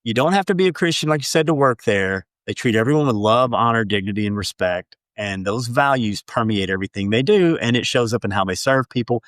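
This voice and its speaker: A man's voice: medium pitch, animated, brisk, hardly any pauses, fairly bright tone, dry recording. Conversational male podcast host. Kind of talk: interview questions.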